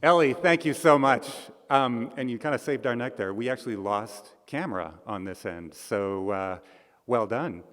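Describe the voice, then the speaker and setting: A man hosting an award show with comic, self-mocking, deadpan patter. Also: mid-range voice, normal speed.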